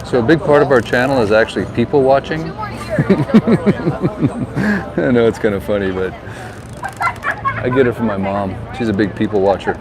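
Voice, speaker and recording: A man's voice: lowish voice, normal speed, pauses often, a crowd in the background, rough recording. A man chatting casually as he walks and films a seaside town, giving friendly tips like a tour guide. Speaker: vlogger and real estate agent. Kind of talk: casual walking vlog narration. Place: outdoors by a harbor and town street. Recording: outdoor street noise.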